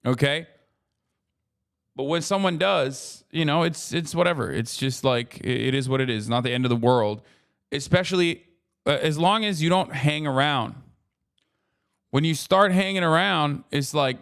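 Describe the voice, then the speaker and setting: A man's voice: fairly high pitch, moderate pace, a bit bright, smooth. Profane, rambling streamer man. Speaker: streamer reacting to a video. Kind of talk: casual livestream reaction talk.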